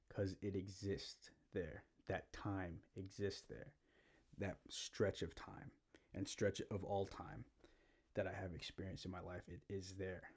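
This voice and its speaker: A young man hosting his own podcast, rambling in a halting monologue and often repeating himself. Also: sits low, warm tone. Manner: meandering, halting, repeats himself, frequent "you know" and "like". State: out of breath. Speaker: podcast host.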